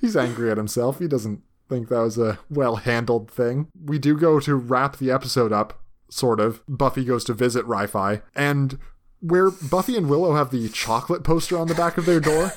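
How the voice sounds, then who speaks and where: A man co-hosting a podcast in casual chat, animated and joking, laughing often. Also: mid-range voice, normal speed. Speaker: podcast co-host.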